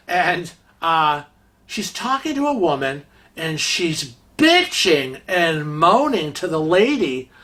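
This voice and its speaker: Man, vlog host, unhurried chatty storyteller, bright tone. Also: fairly high pitch. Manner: gossipy, chatty anecdote telling. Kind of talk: casual storytelling.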